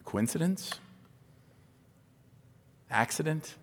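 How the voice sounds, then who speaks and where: Male pastor, sermon delivery, fairly high voice, hushed-to-emphatic swings, long hall reverb. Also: lively intonation, drawn-out words. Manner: swings from hushed whispers to loud emphatic preaching.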